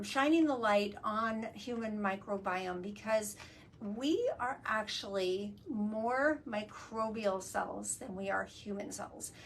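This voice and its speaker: A woman's voice: a little high, a bit bright. A woman hosting a casual live video chat from a work studio. She explains things eagerly and uses many fillers. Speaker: host. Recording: distant mic, faint ambient noise.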